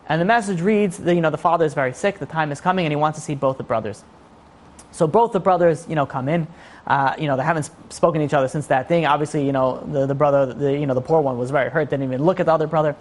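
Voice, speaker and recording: Preaching as a rabbi, a man with a somewhat high voice tells a lively story. He acts out the characters' voices as he goes.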